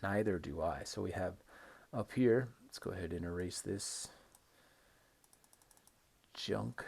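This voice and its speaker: A man teaching an English lesson on video, modeling intonation slowly and emphatically and checking in with "right?" between examples. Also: deep voice, gravelly, a little mellow, husky. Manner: repeats words for stress, frequent "right?" checks. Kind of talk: recorded online lesson.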